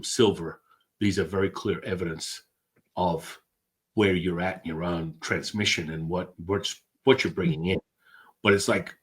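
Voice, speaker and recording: A middle-aged man, a guest, telling stories with excitable energy and casual swearing. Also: deep voice. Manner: excitable, swears, acts out quotes in other voices. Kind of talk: animated storytelling.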